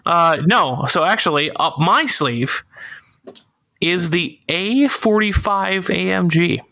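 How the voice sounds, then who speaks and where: A man's voice: high-pitched, expressive, slow pace, sharp tone, no room sound. A young man co-hosting a casual car podcast, laughing often and explaining technical details in a laid-back way. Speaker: podcast co-host.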